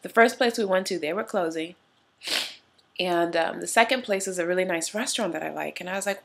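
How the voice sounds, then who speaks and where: A woman vlogger shares a personal story to camera, earnest and heartfelt in a casual way, sometimes tearful. Her voice is on the low side and she speaks quickly.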